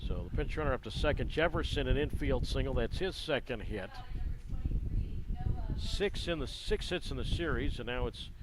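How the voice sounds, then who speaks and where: A man calling a baseball game play-by-play in a measured, conversational way with dry asides. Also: medium pitch, animated, noisy background. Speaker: play-by-play announcer.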